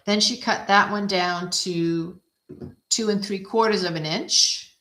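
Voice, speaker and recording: A woman talking through a card-making project in a relaxed, chatty way, laughing at her own slips as she works. Her voice sits at an ordinary middle pitch. The room around her rings with noticeable echo. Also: slow, slight background noise. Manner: chatty, self-deprecating, thinks aloud while working. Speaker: craft video host. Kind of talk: casual craft demonstration. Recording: echoey room.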